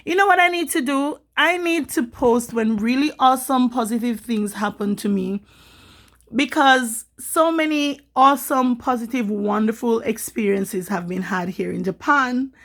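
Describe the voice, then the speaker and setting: A woman from Jamaica, vlogging in an emotional, rambling way and getting animated when she quotes people. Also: on the high side, normal speed. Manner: rambling, upset, animated when quoting others. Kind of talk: emotional personal vlog.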